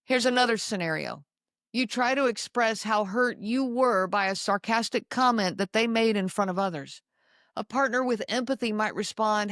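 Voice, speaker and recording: A woman hosting a podcast, speaking slowly and emphatically to her listeners and repeating key lines. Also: a little high, a bit bright, no room sound, studio quality. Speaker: podcast host. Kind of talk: solo talk to listeners.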